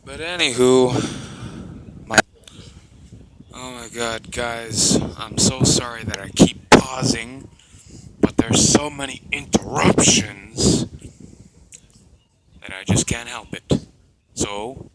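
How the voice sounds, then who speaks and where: A man's voice: mid-range voice, steady tone, takes it slowly, pauses often, heavy background noise. A tired man narrating an improvised story at home, rambling with many fillers. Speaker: storyteller and video maker.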